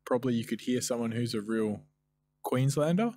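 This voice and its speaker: Relaxed Australian man, casual chat. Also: medium pitch, fairly quick, dry recording. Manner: relaxed, explains with fillers. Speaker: guest producer.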